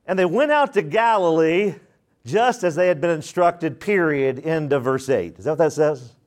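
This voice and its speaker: A man's voice: on the high side, animated, moderate pace. A man preaching a sermon as pastor, with emphatic repetition and questions put to the congregation.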